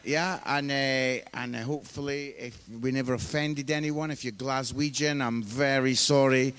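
A man's voice: medium pitch, steady tone, moderate pace, fairly bright tone, clean tone. A middle-aged man from the UK preaching a sermon, chatty and self-mocking, telling funny stories and acting out the people in them. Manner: chatty, self-mocking, acts out quoted voices. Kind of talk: sermon with humorous storytelling. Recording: live hall with long reverb.

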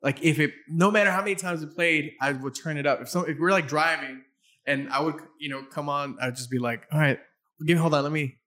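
A middle-aged man hosting a casual interview, talking in a halting way and often repeating his words. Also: fairly high pitch, pushed and bright. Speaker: interview host.

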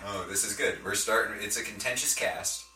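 A man's voice: on the low side, brisk, distant mic. A man hosting a podcast, teasing his guest with dry jokes in casual chat. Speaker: podcast host. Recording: echoey room, off mic, faint noise.

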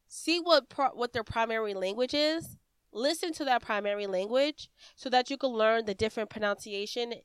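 A woman's voice: a little high, a bit bright, clean tone, dry recording. An American woman hosting a podcast, giving casual voiceover advice in a chatty, rambling way with many fillers and restarts. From United States. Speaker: podcast host. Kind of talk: casual instructional podcast talk.

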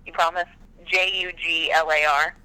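Very bright, high-voiced animated man. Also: normal speed, clean tone, poor audio. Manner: animated, dramatic storyteller. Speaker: podcast guest. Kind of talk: casual chat.

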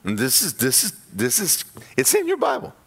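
A man preaching a sermon in a church, animated and acting out voices of churchgoers. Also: medium pitch, moderate pace, gravelly, slight background noise. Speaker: pastor.

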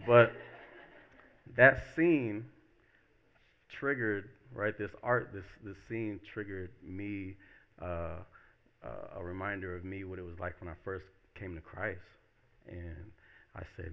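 A man preaching a relaxed, conversational sermon as pastor, acting out quoted voices as he talks. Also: on the low side, moderate pace, dull audio. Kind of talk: casual sermon.

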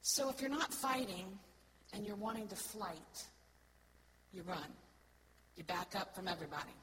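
A woman giving an earnest sermon-style talk to a congregation, often checking in with "right?" and swinging between soft, slow words and loud, stressed ones. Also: medium pitch, animated, background noise. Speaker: church speaker.

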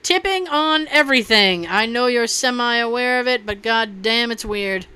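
A woman's voice: on the high side, expressive, moderate pace, bright, forceful tone, smooth. A young adult woman co-hosting a casual chat show, reading comments aloud in a blunt, wry way and swearing freely. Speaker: co-host.

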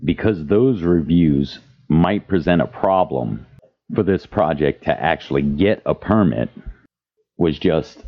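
A man's voice: extremely low pitch, expressive, slow pace. A man hosting a podcast, speaking with passion and reading quotes aloud. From Louisiana. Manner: impassioned, reads quotes aloud. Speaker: podcast host. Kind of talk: advocacy podcast commentary. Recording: dull lo-fi sound.

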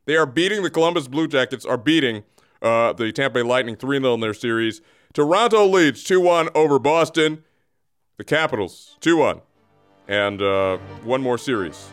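A man's voice: medium pitch, animated, a little fast, soft background music. A man co-hosting a comedy show, reading out sports scores in a joking, rambling way. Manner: joking, rambling, self-interrupting. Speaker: sports news co-host. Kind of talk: casual comedic sports rundown.

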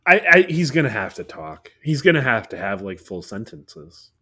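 A man's voice: medium pitch, very animated, normal speed, bright, forceful tone, breathy edge. A man in casual podcast chat, playful, pushing back and laughing often.

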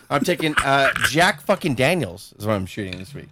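A young man co-hosting a podcast, loud and exasperated, swearing through casual rowdy banter. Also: medium pitch, sing-song, brisk, heavy background noise. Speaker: podcast co-host.

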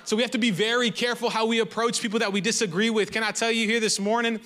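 High bright-voiced preacher man. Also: fast talker. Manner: conversational, animated storytelling. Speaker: pastor. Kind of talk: sermon.

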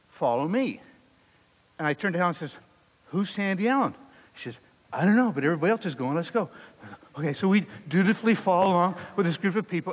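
A man speaking at a chapel service, telling a long personal story in an animated way and acting out scenes and quotes. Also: high-pitched. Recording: echoey hall, long reverb.

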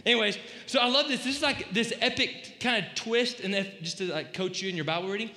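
A man with a high, bright voice preaching casually, often slipping into acted-out lines. The sound is roomy, with a long hall reverb trailing his words. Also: fairly quick, a little hiss or hum. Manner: animated, jokey, acts out quoted lines. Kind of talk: casual sermon. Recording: echoey hall, voice slightly distant.

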